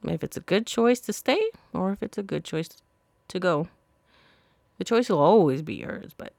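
A woman's voice: on the low side, gravelly, no echo. A woman hosting a solo podcast, giving blunt, profane, sassy advice in a casual monologue. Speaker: podcast host.

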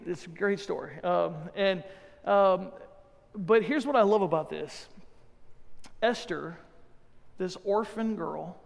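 A male pastor preaching a sermon, retelling a story in a lively way and acting out the characters. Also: sits high, vocal fry. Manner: lively storytelling with acted voices. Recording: long hall reverb.

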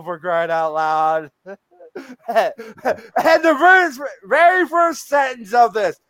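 A man hosting a casual live stream, excitable and laughing often as he reads out odd news. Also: extremely high pitch, smooth, dry recording. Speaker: streamer host.

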